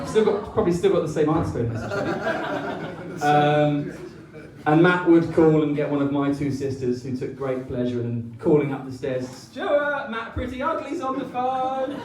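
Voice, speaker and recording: A man giving a teasing wedding speech, pausing often with ums. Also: a little high, darkish tone, a little hiss or hum. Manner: teasing, with many ums and pauses. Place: wedding reception hall. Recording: echoey room, mic from far off.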